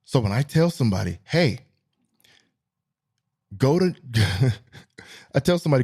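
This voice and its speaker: A man's voice: medium pitch, big pitch swings, moderate pace, long pauses, darkish tone, slightly rough. A man hosting a podcast, telling stories in a casual, rambling monologue and laughing at his own jokes. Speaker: podcast host.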